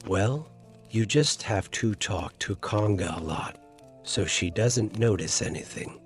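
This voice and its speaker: A man's voice: on the low side, expressive, takes it slowly, faint music behind. A man doing a solemn, self-important rabbit. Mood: brisk. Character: proud, bossy male rabbit planner.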